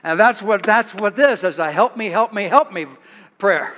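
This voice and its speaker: American male pastor, high-pitched, animated storytelling sermon, church reverb. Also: moderate pace. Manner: animated, chuckling storyteller, rises in pitch for dramatic moments. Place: church sanctuary.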